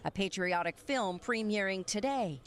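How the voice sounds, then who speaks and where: A woman's voice: mid-range voice, moderate pace. A woman news correspondent delivering a scripted broadcast report. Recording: played news clip, faint noise.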